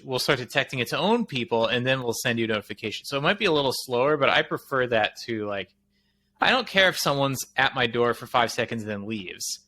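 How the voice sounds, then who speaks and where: This tech podcast co-host has a mid-range voice with a sharp tone. Speaking casually, he drifts through lengthy explanations, rambling and fixing his own statements along the way.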